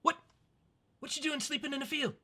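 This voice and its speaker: A game master voicing small, nosy elven children who fire off questions in a shrill, high voice. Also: level tone, a little fast, bright, forceful tone.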